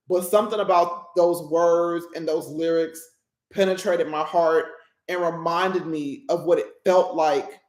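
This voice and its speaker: A woman hosts her own podcast and speaks openly in a reflective solo monologue. She is emotional and candid, and she often restarts her sentences as she works through her thoughts. Her voice carries a noticeable room echo. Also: fairly low pitch. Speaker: podcast host.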